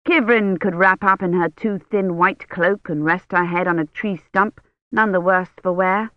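An audiobook narrator reading a novel in a steady, even way, in a dull, dry recording. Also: medium pitch, normal speed, no echo. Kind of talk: scripted narration.

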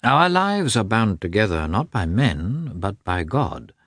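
Guy reading as a stiff formal husband, deep and cold, measured. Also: no room sound, clean studio sound, heavily acted. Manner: cold, calm, deliberate.

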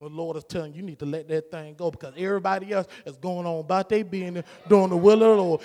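A man's voice: sits high, quick pace, few pauses, darkish tone. A man preaching a sermon as pastor, in a rhythmic, repetitive preaching style with rising fervor. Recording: long hall reverb.

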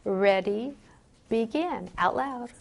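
A woman's voice: fairly high pitch, lively intonation, vocal fry. A woman leading a group workshop on memorizing Bible verses, chatty and encouraging, full of "like" and "you know". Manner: reads scripture aloud slowly. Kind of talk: classroom instruction to a group.

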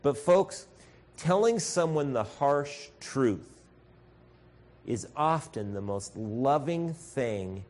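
Male pastor, sermon, slow deliberate delivery, earnest and blunt. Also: medium pitch. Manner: earnest, addresses congregation as folks, acts out shouted voices.

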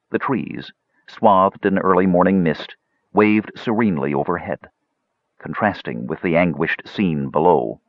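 Deep, husky male audiobook narrator. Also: animated, no room sound, muffled recording. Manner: measured storytelling.

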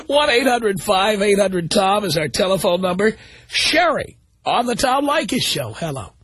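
A combative man hosts a call-in radio show and argues with a blunt, provocative edge. His husky voice swings widely in pitch. The studio sound is dry and close. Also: very animated, a little slow, a bit bright, dry recording. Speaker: radio talk show host. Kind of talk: opinionated radio talk. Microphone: studio microphone.

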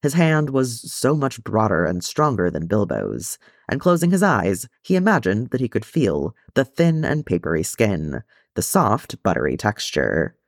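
A man narrates a storybook chapter in a calm, even way. His low voice has a gravelly edge, and his pitch moves a great deal. The recording is dry and close. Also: a little slow, no echo. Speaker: audiobook reader.

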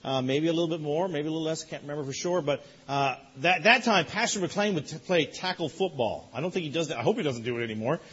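Guy preaching, husky kinda highish voice, muffled lo-fi recording. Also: fast talker, hardly any pauses. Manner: animated storytelling, rising loud in excitement. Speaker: pastor. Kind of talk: sermon.

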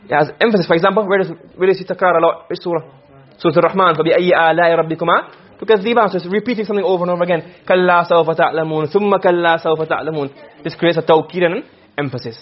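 A male teacher gives a grammar lesson, firing quick questions at his students. His voice sits high and comes out husky, and he talks at a brisk clip. The recording sounds muffled and lo-fi. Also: fairly even intonation. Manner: quizzing students with frequent questions. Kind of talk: classroom lesson on Arabic grammar.

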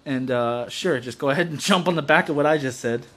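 A man's voice: mid-range voice, brisk, fairly bright tone. A man chatting casually and joking on a podcast, rambling and tossing in silly voices, with drinks going. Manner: rambling, jokey, slips into silly put-on voices for quotes. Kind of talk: casual comedic chat.

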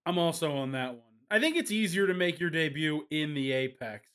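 A man hosting a casual sports betting show, keeping it moving with quick jokes. His voice is bright and sits a little high. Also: expressive. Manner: quick, joking, moves the show along. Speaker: podcast host.

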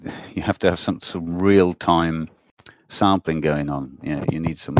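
A man's voice: deep voice, moderate pace, no room sound, studio quality. A man co-hosting a casual chat show, easygoing and rambling, often laughing. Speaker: co-host.

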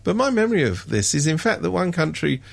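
A man chatting on a radio show, wry and sardonic, mimicking people in sudden high voices. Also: very animated, quick pace, creaky, husky, no echo. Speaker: radio commentator. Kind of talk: casual radio chat.

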